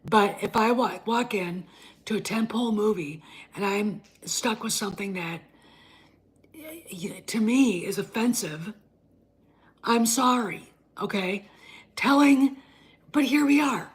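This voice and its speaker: Husky blunt woman ranting. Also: medium pitch, lively intonation, takes it slowly, long pauses. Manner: blunt, combative, swearing, with frequent restarts. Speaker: host. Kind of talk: opinion rant.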